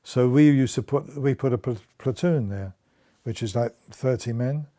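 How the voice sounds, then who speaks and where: An older man who served in the war tells his story in an oral history interview, chuckling occasionally and starting sentences over. He has a mellow, medium-pitched voice and speaks at a moderate pace.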